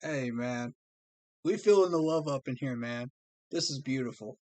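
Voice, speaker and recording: A man's voice: medium pitch, normal speed, mellow, dry recording. A man, hosting a fan livestream and speaking to his viewers in an earnest, heartfelt way. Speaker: fan streamer host. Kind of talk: livestream talk to fans.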